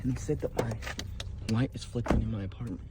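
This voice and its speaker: A man's voice: mid-range voice, steady tone, fast. Shaken man in a noisy phone video. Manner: tense, shaken. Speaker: man filming in his apartment.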